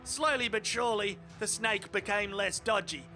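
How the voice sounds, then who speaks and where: Bright, high, sweary man. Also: normal speed, creaky, faint music behind. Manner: sweary, sarcastic, mock sports commentary. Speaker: host. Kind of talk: comedic commentary over video clips.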